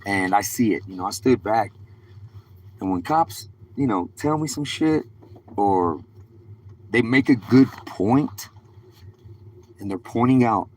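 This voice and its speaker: A man with a deep, low voice rambles through his stories in casual street slang, cursing freely as he goes. He talks to a live stream audience in a loose, wandering way, with a faint hiss behind him. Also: lively intonation, takes it slowly, pauses often, a little mellow.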